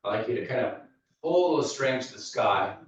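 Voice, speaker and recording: Male fitness instructor, steady easygoing cues, mid pitch, distant dull room recording. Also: normal speed, very echoey. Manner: steady cueing, easygoing asides. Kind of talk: guided mobility class cueing. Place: large echoey fitness studio.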